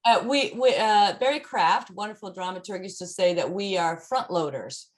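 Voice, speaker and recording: A woman's voice: medium pitch, normal speed. Chatty woman voice coach, many fillers. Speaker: voice and text coach. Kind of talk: casual online talk.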